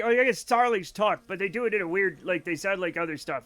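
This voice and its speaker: High-voiced, excitable male streamer. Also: fast talker, hardly any pauses. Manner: rambling, excitable, swears freely, mock-angry at chat. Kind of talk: casual live-stream chat while gaming.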